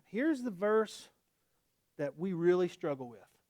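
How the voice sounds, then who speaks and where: A man preaching a sermon as a pastor, emphatic and animated, with casual humor. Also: high voice, takes it slowly, no echo, clean studio sound.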